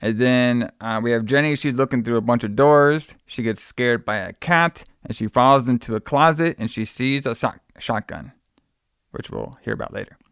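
A man's voice: medium pitch, normal speed, fairly bright tone, clean tone, no echo, clean studio sound. A man on a podcast recapping a movie in casual chat, rambling and repeating words as he acts out bits of dialogue. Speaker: podcast co-host.

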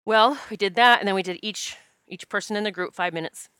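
A woman's voice: medium pitch, brisk, clear, resonant tone, no echo, clean studio sound. A woman who practises Reiki, telling a personal story in a candid, emotional, casual way and acting out what people said. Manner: emotional, candid, animated quoting of herself.

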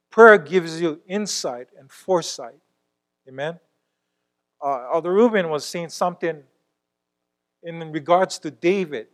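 Church elder, male, high-pitched, preaching an earnest, fervent sermon with call-outs to the congregation. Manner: earnest, repeatedly asks the congregation "Amen?"; builds to fervent, emphatic prayer.

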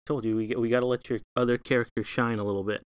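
A man's voice: medium pitch, little pitch movement, fast talker, clear, resonant tone, dry recording, studio quality. A man narrating as game master, talking loosely with many fillers and asides.

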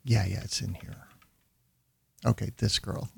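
A man hosting his show, commenting on video clips in a deliberate, emphatic way that slows down for key points. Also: lowish voice, fairly even intonation, creaky, breathy edge, no echo. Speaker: host.

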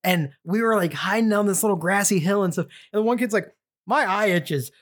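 A man's voice: high-pitched, fast. A young man, a podcast co-host, chatting in a laid-back way and calling his friend "dude" and "bro". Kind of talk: casual chat.

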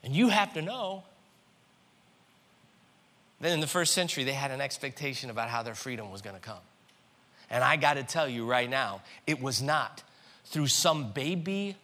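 A man preaching a sermon, animated, swinging between loud passages and hushed ones. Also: medium pitch. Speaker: pastor.

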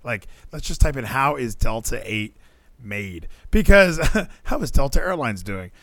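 A man's voice: medium pitch, unhurried, no echo. A man hosting a podcast, chatting casually and jokingly in a rambling way. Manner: rambling, animated, jokey. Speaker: podcast host.

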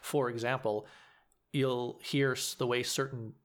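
Earnest actor explaining. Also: male voice, mid-range voice, level tone, a little slow. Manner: earnest, explanatory, frequent restarts. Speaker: community theater actor. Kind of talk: casual interview talk.

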